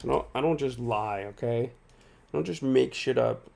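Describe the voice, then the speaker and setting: A medium-pitched, creaky, slightly mellow male voice moves at a moderate pace. The tired streamer offers relaxed live gameplay commentary, chatting with viewers, answering what they type, and laughing frequently.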